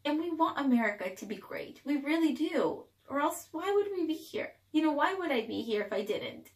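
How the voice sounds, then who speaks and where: Young woman, slightly high voice, crying while telling a personal story, halting delivery, roomy echo. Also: animated. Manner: emotional, tearful, halting with restarts. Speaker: vlogger telling her own story. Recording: echoey room.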